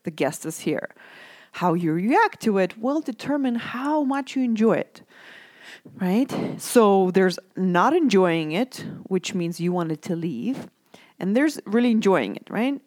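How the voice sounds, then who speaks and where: A young woman talks in a gentle, easy conversational way, often pausing to ask her listeners "right?". Her voice sits at an everyday middle pitch, recorded close and dry with no room sound. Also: sing-song, dry recording. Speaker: mom talking about self-care. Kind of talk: casual reflective talk to listeners.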